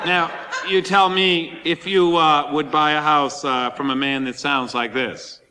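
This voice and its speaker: A man performing a theatrical storytelling monologue, animated and breathless, slipping into comic voices. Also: a little high, a little slow, in a large hall, a loud crowd, heavy background noise.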